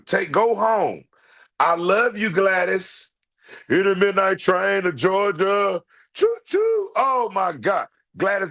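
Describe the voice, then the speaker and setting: A man hosting a livestream, his voice sitting high and jumping all over the place. He talks straight to his viewers, loud and emphatic, repeating his points and cursing freely. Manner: loud, emphatic, repetitive, profane banter to viewers. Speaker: livestream host. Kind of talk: animated livestream commentary.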